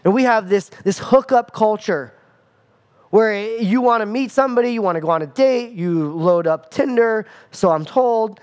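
A man preaching a sermon as pastor, animated, acting out scenes with playful asides. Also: sits high, normal speed, smooth.

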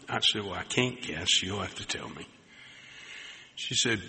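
A male pastor preaches, telling a story and acting out its conversations, sometimes sinking to a hushed near-whisper. His voice is low in pitch with a very bright, forceful edge. The sound carries a long hall reverb over faint background noise. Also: a little slow. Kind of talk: sermon.

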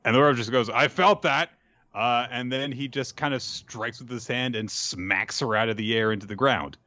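A man's voice: mid-range voice, steady tone, fairly quick, pushed and bright, no room sound. A man hosting a podcast, recapping an episode in a rambling, wry way with many fillers. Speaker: podcast host. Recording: dry, slightly dull recording.

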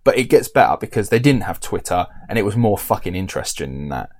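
A man's voice: lowish voice, very animated, fast, a little mellow. A man, animatedly telling a story in casual podcast chat.

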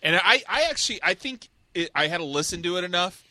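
A man's voice: sits high, lively intonation, fast, bright, forceful tone, no echo. A man co-hosting a casual movie podcast, talking in stammering restarts and laughing. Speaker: podcast co-host, judge of the game. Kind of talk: casual movie review chat.

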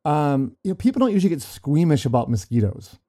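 Middle-aged male podcast host; warm, mellow voice; casual storyteller who restarts lines. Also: a little high, sing-song, fast. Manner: chatty, storytelling with frequent restarts and laughs. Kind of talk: casual chat.

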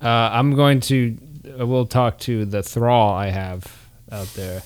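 A man playing a tabletop role-playing game, talking in a deadpan, insistent way. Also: mid-range voice, slow, smooth. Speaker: player.

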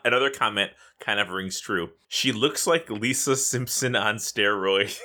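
A man co-hosting a casual gaming podcast, excitable and laughing often, swearing freely. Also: fairly low pitch, measured pace, few pauses. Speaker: podcast co-host.

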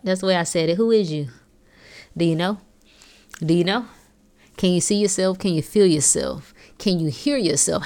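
Slangy woman hosting a motivational podcast. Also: on the low side. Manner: preachy, rhetorical questions, slangy. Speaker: podcast host. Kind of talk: casual motivational podcast talk.

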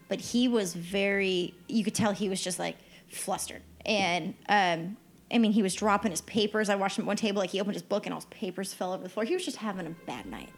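A woman chatting on a podcast, spinning an animated story and slipping into the voices of the people in it. Her pitch sits in an ordinary middle range, with soft music playing faintly underneath. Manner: lively storyteller who acts out quoted dialogue. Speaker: podcast co-host giving a trip report. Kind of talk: casual podcast chat.

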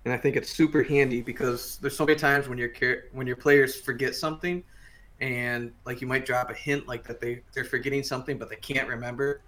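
A man co-hosting a podcast, explaining game rules in a relaxed way with the odd dry joke. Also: medium pitch, a little fast. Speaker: podcast co-host. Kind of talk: casual chat reviewing a game book.

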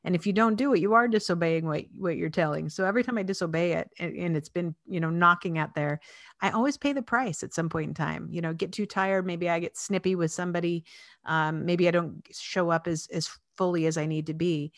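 A woman's voice: on the low side, fairly quick, no room sound, clean studio sound. A woman in her fifties hosting a casual conversation, thoughtful and talking with many fillers. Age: 50s.

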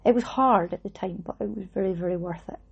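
A woman's voice: medium pitch, fast talker, gravelly, husky, dull audio. A middle-aged woman, telling a casual story about a shared embroidery project and using Scots words along the way. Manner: chatty, warm reminiscing with Scots words. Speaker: vlogger talking about her embroidery project.

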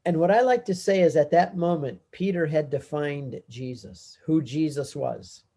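A man guest on a talk show, teaching with lively storytelling that climbs in pitch when he stresses a point. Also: moderate pace, slightly rough. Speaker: Catholic speaker and pilgrimage guide.

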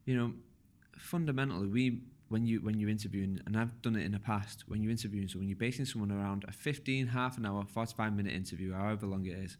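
A man hosting a casual podcast, relaxed and a little slurred when he talks quickly. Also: lowish voice. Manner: relaxed, slurs words when talking fast. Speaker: podcast host.

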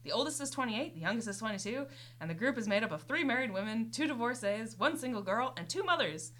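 A woman's voice: fairly high pitch, lively intonation, quick pace, fairly bright tone, voice pushed up. A woman voicing a 1940s news anchor reading a newspaper piece aloud, with bursts of giggling between phrases. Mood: amused.

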